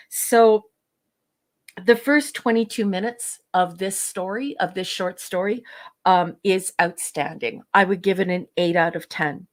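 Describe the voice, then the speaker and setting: Female co-host, casual review chat, enthusiastic and rambling, average pitch. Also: measured pace. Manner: gushing, rambling with many fillers.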